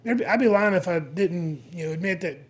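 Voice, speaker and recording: A man hosting a casual podcast interview, asking questions in a halting way with many restarts. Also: high-pitched. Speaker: podcast host.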